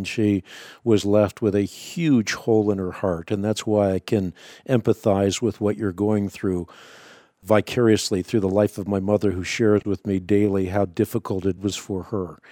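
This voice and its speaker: Mellow-voiced male radio host counseling. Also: on the low side, no echo. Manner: earnest, counseling. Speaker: radio talk show host. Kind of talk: pastoral call-in advice.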